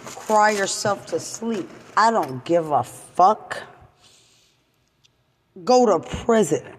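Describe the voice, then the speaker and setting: A woman in an angry unscripted rant, profane and repetitive, swinging from loud outbursts to low muttering. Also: breathy edge, big-room sound. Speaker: mother venting to camera.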